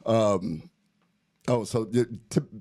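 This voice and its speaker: Lively low-voiced man telling a story. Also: takes it slowly, no echo, studio quality. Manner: animated storyteller who laughs a lot. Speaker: podcast co-host. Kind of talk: casual chat.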